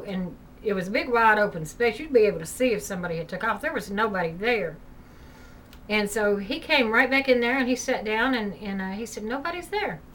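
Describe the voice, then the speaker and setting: At home, a female vlogger with a fairly high, bright voice loosely chats her way through a ghost story, peppering her speech with "you know." This casual spoken storytelling is captured on a distant mic with faint background hiss.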